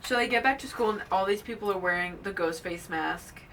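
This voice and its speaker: A woman co-hosts a laid-back podcast, retelling a film scene by scene. Her voice is bright and a little tense. She sounds somewhat off-mic, with a soft background hiss. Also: mid-range voice, fairly quick, distant mic, poor audio. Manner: chatty storyteller, reads quotes aloud with emphasis. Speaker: podcast co-host. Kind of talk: casual movie recap chat.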